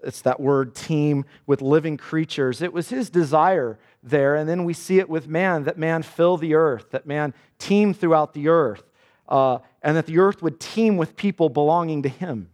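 A man's voice: on the high side, normal speed, a little mellow. A man preaching a sermon, reading scripture aloud with dramatic emphasis. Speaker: pastor.

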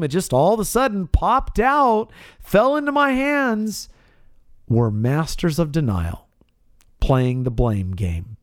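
A man's voice: darkish tone, no room sound. Male radio preacher, emphatic, swooping delivery, dead-dry studio sound. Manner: emphatic, rising pitch on key words. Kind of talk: radio sermon.

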